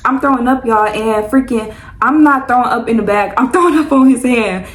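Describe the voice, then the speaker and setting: A woman's voice: fairly high pitch, brisk, poor audio. A young woman telling a personal story to her viewers in a loose, rambling, chatty way. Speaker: vlogger. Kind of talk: casual storytime chat.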